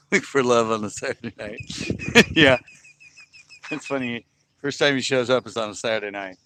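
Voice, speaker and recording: A man's voice: medium pitch, wildly swooping pitch, moderate pace, sharp tone. A man hosting a fishing livestream outdoors at a lake, chatting casually into his phone and laughing often. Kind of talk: casual chat while fishing. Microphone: phone camera.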